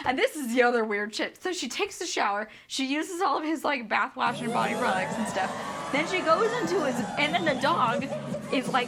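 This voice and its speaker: A woman's voice: sits high, noisy background. A woman streamer ranting a profane, sarcastic book review.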